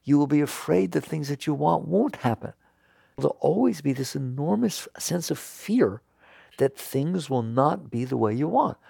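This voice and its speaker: Man, spiritual talk, earnest, dry close sound, raspy. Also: animated, moderate pace, warm tone, no room sound. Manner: earnest, laughs and jumps high when emphatic. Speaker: spiritual teacher.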